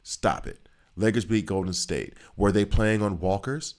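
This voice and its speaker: A man's voice: on the low side, fairly even intonation, normal speed, a little mellow. A man giving casual, rambling commentary while playing a video game, joking and repeating himself for emphasis. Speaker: gaming streamer.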